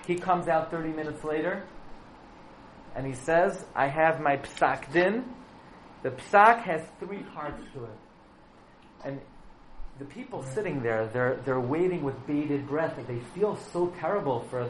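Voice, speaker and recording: Animated male preacher telling a story. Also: a little high. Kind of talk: storytelling sermon. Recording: echoey room with faint background noise.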